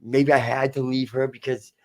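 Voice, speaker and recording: A man's voice: medium pitch, level tone, moderate pace. A man with a Boston accent telling his story as a podcast guest, candid and rambling, swearing and repeating himself. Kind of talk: casual storytelling.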